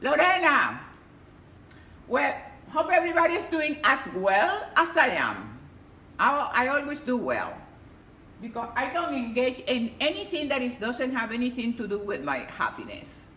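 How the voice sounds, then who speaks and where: A woman leading a live-streamed workout class as instructor, energetic and exclamatory, cheering and greeting her viewers. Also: high-pitched, moderate pace. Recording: echoey room with loud music. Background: loud music.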